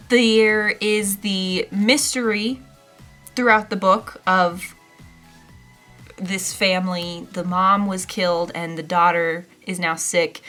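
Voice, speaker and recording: A young woman chats about a book in a relaxed, rambling way. Her voice is bright and forward, with ums filling the gaps. Soft music plays faintly behind her. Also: mid-range voice. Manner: chatty, rambling, with frequent ums. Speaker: book reviewer. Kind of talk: casual chat.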